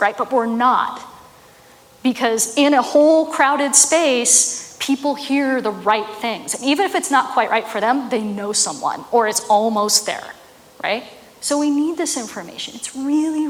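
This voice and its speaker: A woman's voice: high voice, long reverb tail. A woman giving a casual, chatty talk on marketing, often tossing in "right?" asides. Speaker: marketing speaker.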